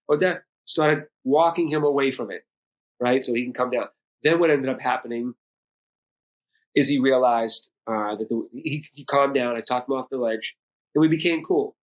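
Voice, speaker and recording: A man's voice: mid-range voice, steady tone, normal speed. A middle-aged man from Boston, a podcast guest telling a personal story bluntly with heavy swearing. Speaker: podcast guest, music producer and DJ.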